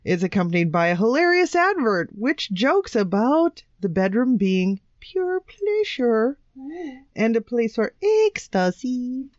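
A woman's voice: on the high side, big pitch swings, a little slow, no room sound, muffled recording. A woman co-hosting a comedic chat show, reading out odd news items with playful mock drama. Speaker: co-host.

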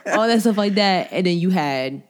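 A woman with a low, deep-set voice co-hosts a casual podcast chat. She is from Long Island and talks in an animated, lively way, slipping into little impressions as she makes her points. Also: normal speed. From Long Island, New York. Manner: animated and talkative, acts out little voices, keeps asking "you know what I'm saying?".

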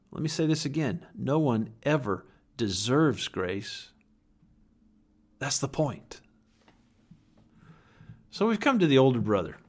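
With a voice a little on the high side, this male pastor delivers an earnest, emphatic sermon. Dramatic pauses punctuate his words, and some drop nearly to a whisper.

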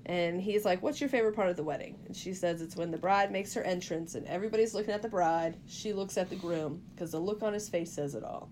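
A woman's voice: fairly low pitch, quick pace, hardly any pauses, darkish tone, slight background noise. A woman co-hosting a podcast, retelling a film's plot in casual chat and acting out the characters' quoted lines. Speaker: podcast co-host. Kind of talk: casual movie recap.

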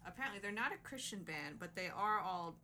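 A woman co-hosting a podcast in casual chat, matter-of-fact and quick to correct. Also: mid-range voice, lively intonation, bright, forceful tone, slight background noise. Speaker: podcast co-host.

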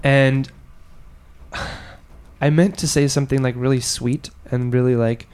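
A man tells a rambling story in a loose podcast chat, cursing often. His voice sits in an ordinary middle pitch. He jumps up higher whenever he acts out someone else's words. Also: steady tone, takes it slowly, darkish tone, clear, resonant tone. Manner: swearing, acts out quotes in a raised voice.

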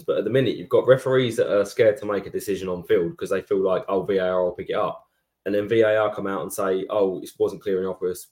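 A man with a low voice, laying out his view in a steady, reasoned way. The talk is casual, as on a podcast among friends. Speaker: podcast co-host. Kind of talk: casual chat.

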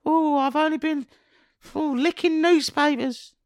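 A man's voice: extremely high pitch, fairly even intonation, unhurried, no room sound, studio quality, pitched above the performer's own voice. A man voicing a poor, hungry Victorian street urchin boy, in an improvised comedy skit. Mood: cheeky. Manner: chirpy, exclaiming "ooh", mock-theatrical.

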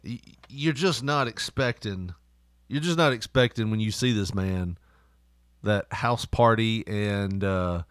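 A man telling stories in casual chat, animated and laughing often. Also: on the low side, slow pace, smooth, no room sound, studio quality.

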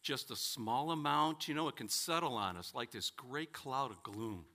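A man preaching a sermon, telling stories and acting out their characters with dramatic pauses. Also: mid-range voice, sharp tone.

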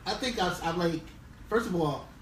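A man talking casually on a podcast, laying out his opinions in a relaxed way with fillers. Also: sits high, normal speed, recorded from a distance, slight background noise. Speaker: podcast co-host. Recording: roomy sound from off-mic.

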